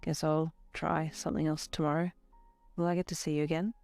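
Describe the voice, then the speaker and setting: Gentle quiet teen boy, voiced by a woman; soft, slightly lower, subdued. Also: level tone, fairly quick, vocal fry, faint music behind.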